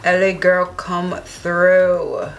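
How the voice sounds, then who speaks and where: A woman's voice: fairly low pitch, completely flat delivery, drawn-out words. A young woman vlogger narrating a makeup tutorial, gushing and enthusiastic as she applies products. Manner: gushing, enthusiastic, talks while applying makeup. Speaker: beauty vlogger.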